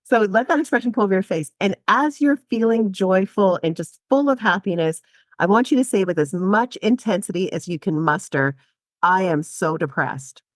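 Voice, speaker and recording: A woman's voice: mid-range voice, animated, a little fast, dry recording. A woman psychotherapist guest on a podcast, talking animatedly, laughing often and acting out quoted voices. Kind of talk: podcast interview.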